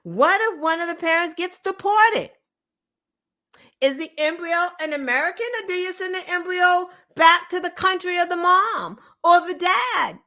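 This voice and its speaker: Fiery high-voiced woman host. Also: lively intonation, moderate pace, pushed and bright. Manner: impassioned, profane, firing rhetorical questions. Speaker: show host. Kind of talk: opinionated political commentary.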